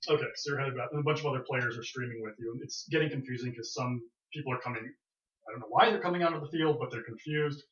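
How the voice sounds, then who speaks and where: A man narrating a tabletop role-playing game as game master, laying out scenes in a quick, plain-spoken way. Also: medium pitch, a bit bright. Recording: echoey room, dull lo-fi sound.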